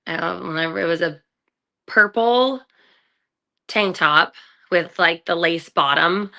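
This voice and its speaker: A woman with a bright, forceful tone and a somewhat low pitch for a woman tells her own story as a podcast guest. She talks candidly, full of fillers, and often acts out quoted lines. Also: slow pace, vocal fry, long pauses. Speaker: guest, trafficking survivor. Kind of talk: personal story in conversation.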